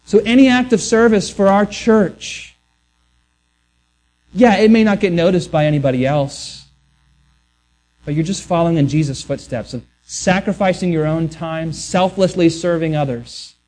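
A man's voice: on the high side, steady tone, moderate pace, darkish tone. A man preaching a sermon earnestly, often restarting words and acting out the voices he quotes. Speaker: pastor.

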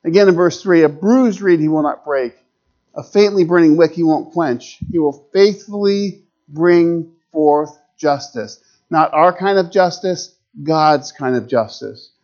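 A middle-aged man preaching a sermon dramatically, rising to urgent peaks and dropping to hushed lows. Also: a little slow. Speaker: pastor. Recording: dull lo-fi sound.

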